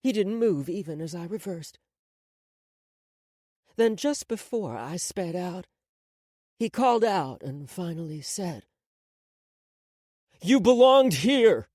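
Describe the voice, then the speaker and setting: A man narrating a romance audiobook in a slow, dramatic first-person telling. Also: high-pitched, animated, mellow, dry recording, studio quality.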